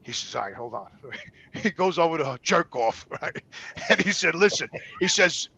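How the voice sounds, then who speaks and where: A man's voice: a little high, normal speed, gravelly, husky. A man telling a rambling, profane story in casual talk, acting out the people he quotes. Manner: profane, animated, acts out quotes. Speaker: guest.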